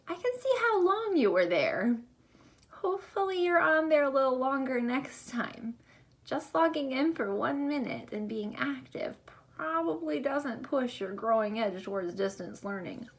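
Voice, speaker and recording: A woman teacher recording a distance-learning lesson for young students, deliberate and encouraging with gentle teasing. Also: sits high, lively intonation.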